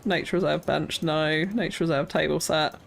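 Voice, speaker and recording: A woman's voice: deep voice, steady tone, normal speed, creaky, slight background noise. A British woman live-streaming a city-building game, thinking aloud and chatting with viewers, often breaking into nervous laughs. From Britain. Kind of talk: casual live-stream chat while building.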